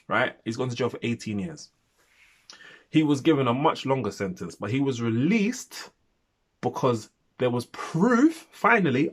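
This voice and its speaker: A man in his thirties chatting casually in a video review, rambling and repeating himself for emphasis. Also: mid-range voice. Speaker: film reviewer.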